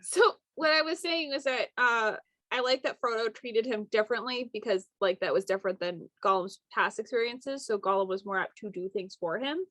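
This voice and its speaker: Chatty young woman, higher voice, dry. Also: moderate pace, a bit bright, no room sound. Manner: chatty, uses filler words. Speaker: podcast co-host. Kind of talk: casual podcast chat.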